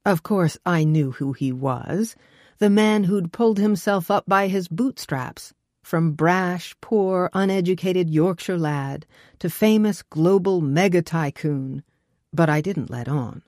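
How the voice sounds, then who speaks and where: Low-voiced woman narrating an audiobook. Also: slow, darkish tone, no echo, studio quality. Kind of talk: first-person audiobook narration.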